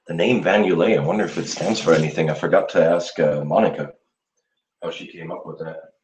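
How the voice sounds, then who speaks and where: A man hosting a casual live show, chatting in a relaxed, rambling way with his viewers while he shaves. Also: low voice, a little fast, a little hiss or hum. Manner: relaxed, rambling, chuckles often, talks to viewers. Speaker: livestream host. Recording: roomy dull lo-fi sound.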